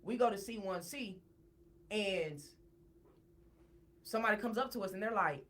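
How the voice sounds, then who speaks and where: Speaking at a normal speed in a mid-range voice, this podcast guest recounts something personal with casual animation. When she gets worked up, she starts repeating words.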